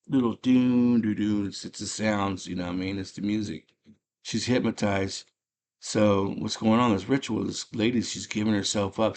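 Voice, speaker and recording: A man casually retelling a movie plot in rough slang, breaking into loud put-on voices for the characters. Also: on the low side. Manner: rough slangy street talk. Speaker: movie chat host.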